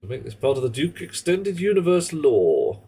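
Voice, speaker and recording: A man's voice: fairly high pitch, sing-song, normal speed, gravelly, mellow, husky. A man chatting casually on a live game stream, rambling and joking in muttered asides. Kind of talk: casual live-stream chat while gaming.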